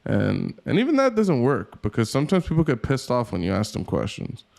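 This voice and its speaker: A man's voice: mid-range voice, wildly swooping pitch, brisk, creaky, darkish tone. A man co-hosting a podcast in casual chat, thinking aloud with many restarts. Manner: rambling, many fillers and restarts, self-questioning. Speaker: podcast co-host.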